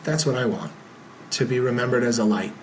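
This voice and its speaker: A man, a podcast guest talking earnestly in a casual interview, often pausing on filler words. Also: mid-range voice, slight background noise. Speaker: podcast guest, event founder.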